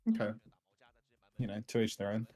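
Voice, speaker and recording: A man casting an esports match with offhand, dry jokes and quick play-by-play. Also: lowish voice. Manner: dry, offhand jokes, then lively calls. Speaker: esports caster.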